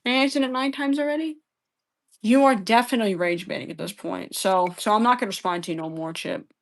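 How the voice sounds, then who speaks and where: A woman's voice: mid-range voice, a little fast, creaky. A woman live-streaming a debate, answering chat questions in an exasperated, profane way and repeating herself.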